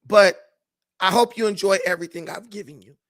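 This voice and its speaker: Man voicing the creator spirit, male, patient, measured, explaining, bright tone. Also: high voice, steady tone.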